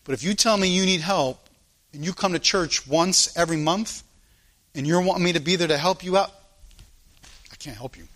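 A man preaching a sermon in a church as a pastor, swinging between loud emphasis and quiet asides, repeating phrases for emphasis. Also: sits high, moderate pace, long pauses. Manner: informal spoken grammar, repeats phrases for emphasis.

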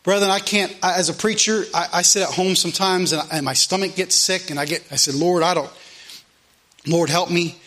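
A man's voice: high-pitched, steady tone, fast talker, few pauses, sharp tone. A man pastor, preaching a sermon in a church in an earnest, conversational way full of asides and repeated phrases. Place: church sanctuary.

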